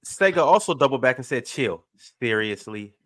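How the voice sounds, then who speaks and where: Man, podcast host, reads comments out quickly, casual panel chat, close dry mic. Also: mid-range voice, lively intonation, fairly bright tone, dry recording.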